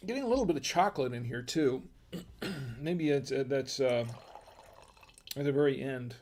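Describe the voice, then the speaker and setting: A man hosting a live-stream wine tasting, chatting casually in a rambling, halting way with self-deprecating humor. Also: mid-range voice, lively intonation, a little mellow, slight background noise.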